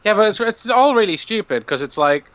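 A man's voice: sits high, lively intonation, a little fast, fairly bright tone. A man co-hosting a podcast, chatting casually while gaming, laughing, swearing and rambling. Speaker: podcast co-host. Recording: dull lo-fi mic.

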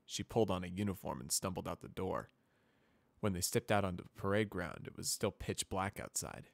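A man narrating a fan fiction story in a steady, measured reading voice. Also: low-pitched, vocal fry, no echo.

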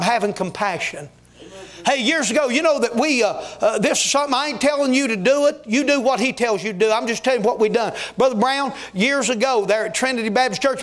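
A man preaching a fervent revival sermon in a church, exhorting his listeners and telling folksy stories along the way. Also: very high voice. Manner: folksy, exhorting, with storytelling asides. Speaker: guest preacher. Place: church sanctuary.

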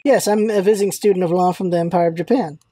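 A woman's voice: on the low side, fast, mellow, slightly rough, pitched below the performer's own voice. A woman reading a polite young lawyer. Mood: earnest. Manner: polite, earnest.

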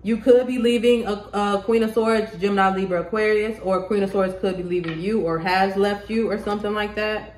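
A woman giving a casual tarot reading to the camera, excitable, laughing often and swearing freely. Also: medium pitch, brisk. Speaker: tarot reader. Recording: roomy echo.

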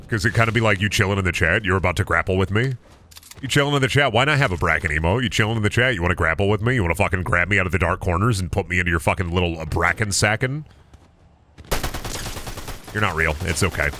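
A man's voice: low-pitched, fast, bright, forceful tone, a little hiss or hum. A young man streaming a video game, chatting casually, goofing around and swearing often. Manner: goofy, swears a lot, does silly voices and noises. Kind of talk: casual gaming stream chat.

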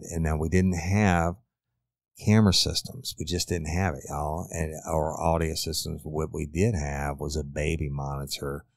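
A bass-voiced middle-aged man, recorded dry, tells a true crime story on his podcast. As a former detective, he lays out the crime case bluntly, casually and with plenty of profanity.

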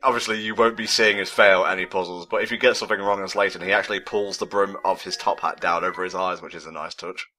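A man's voice: deep voice, fairly even intonation, fast, hardly any pauses, pushed and bright. A man from England in casual gaming banter, joking and teasing while commentating a puzzle game. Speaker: let's play commentator.

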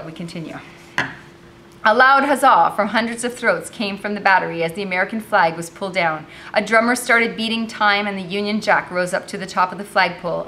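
A woman's voice: medium pitch, sharp tone, slight background noise. A woman teacher reading a novel aloud with commentary, raising her voice expressively for the dialogue.

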